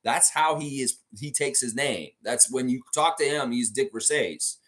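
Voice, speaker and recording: A man's voice: medium pitch, normal speed, a bit bright. A middle-aged American man hosting a casual trivia livestream, reading chat comments aloud and laughing often. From United States.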